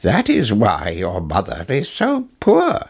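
A man voicing a wise, mysterious old man in a storybook reading, speaking slowly and earnestly. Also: on the low side, huge pitch swings, vocal fry, husky, full character voice. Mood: solemn. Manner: slow, earnest delivery.

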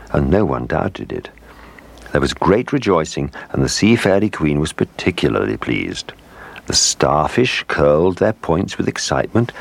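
A man narrating a children's story with expressive storytelling. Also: rumbling low, gravelly.

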